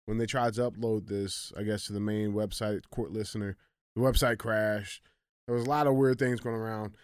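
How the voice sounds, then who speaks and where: A man's voice: mid-range voice, clear, resonant tone, dry recording. A man co-hosting a casual studio podcast, laughing often and reading headlines aloud. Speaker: podcast co-host.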